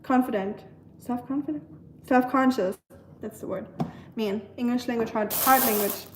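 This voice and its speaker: In an echoey home kitchen full of clattering dishes, a young woman cooks while casually answering her livestream viewers, at times hunting for words. She's a native German speaker with a German accent, and her voice is on the high side, steady, and at normal speed, with background noise.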